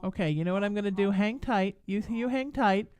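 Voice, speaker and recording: Chatty lady radio host giving advice, smooth crisp voice, dry studio mic. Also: mid-range voice, a little fast, a little mellow, no echo. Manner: chatty, emphatic, calls callers honey. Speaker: radio show host and psychic. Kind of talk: live call-in radio advice.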